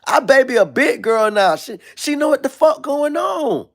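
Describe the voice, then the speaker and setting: A man putting on the voice of a famous athlete, an indignant husband pleading with his wife in a high, shouting voice. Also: expressive, moderate pace, gravelly, full character voice. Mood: outraged.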